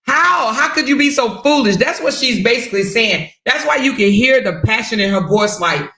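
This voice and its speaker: A woman's voice: on the high side, lively intonation, moderate pace, hardly any pauses, fairly bright tone, reverberant. A woman hosting a reaction commentary, talking casually and emphatically, often repeating herself. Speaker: host.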